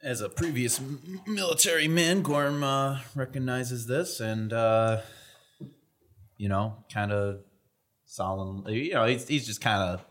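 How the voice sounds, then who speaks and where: A man's voice: medium pitch, measured pace, a bit bright. A man playing a tabletop game, playful and wisecracking. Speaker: player.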